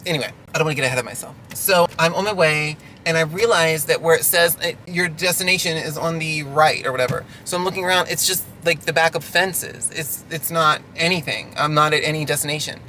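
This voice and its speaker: A man's voice: a little high, brisk, hardly any pauses, pushed and bright, a little hiss or hum. A delivery driver venting through a ranting storytime vlog from his car, sarcastic and exasperated.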